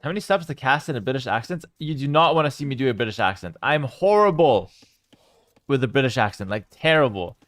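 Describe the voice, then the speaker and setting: A young man casting a strategy game live and chatting with his viewers, with sudden bursts of excitement. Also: mid-range voice, brisk, no echo. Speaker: game streamer and caster. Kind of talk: live game commentary with chat.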